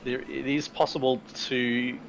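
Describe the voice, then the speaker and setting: A man calling the play-by-play of an online sim race in a lively way. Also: mid-range voice, measured pace, gravelly, lo-fi sound, a little hiss or hum. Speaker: race commentator.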